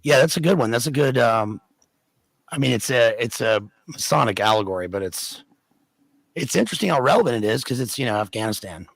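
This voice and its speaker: Gravelly man in casual chat. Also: medium pitch, animated, brisk, no echo. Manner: knowledgeable, explains with stumbles and restarts. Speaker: podcast guest.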